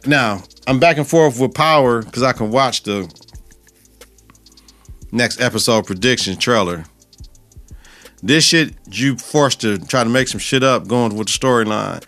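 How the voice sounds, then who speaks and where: Animated, profane man recapping a TV episode. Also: medium pitch, measured pace, pauses often, faint music behind. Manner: animated and profane, acts out scenes. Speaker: podcast host.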